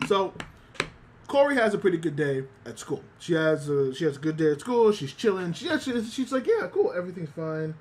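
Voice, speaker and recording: A man's voice: on the high side, sing-song, moderate pace, a little hiss or hum. A man streaming live, chatting casually with his chat and retelling an anime episode, with many restarts and some swearing. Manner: talks to chat directly.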